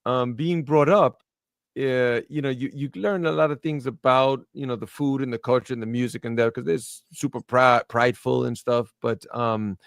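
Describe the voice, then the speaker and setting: A Brooklyn-accented man hosts a relaxed podcast conversation, his voice sitting at an ordinary middle pitch. He tells stories with a lively, street-casual energy, leaning on "man" and "right?" as he goes. The sound is close and dry, with no room around it. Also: moderate pace, creaky, clean tone, no echo. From New York, US. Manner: animated storyteller, peppers talk with "man" and "right?". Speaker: podcast host.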